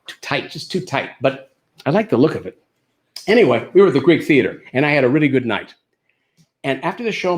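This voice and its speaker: An older man who is a comedian, telling stand-up stories in an animated, anecdotal way built around punchlines. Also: mid-range voice. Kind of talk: stand-up storytelling.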